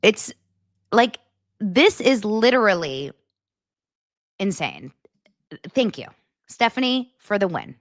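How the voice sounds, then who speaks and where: A woman's voice: mid-range voice, no echo, studio quality. A woman hosting a live commentary show, reading out messages and reacting with incredulous, laughing remarks.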